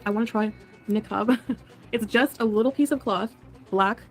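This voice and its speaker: At normal speed and a little high in pitch, a woman answers her chat over faint music. The casual live stream, archived and played within a reaction, has her giggling, sidestepping questions, and keeping things private.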